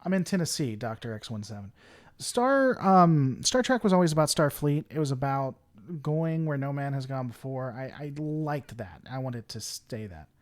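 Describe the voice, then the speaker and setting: A man's voice: medium pitch, animated, normal speed. A man hosting a livestream, chatting casually and reading viewers' messages aloud, with a rambling manner and a desk microphone. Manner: rambling, reads chat aloud and answers it. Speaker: livestream host.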